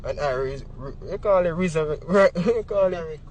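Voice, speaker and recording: High-voiced Jamaican man telling his story. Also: fairly quick. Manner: vivid storytelling in patois, acting out quotes. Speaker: witness. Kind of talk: emotional eyewitness account.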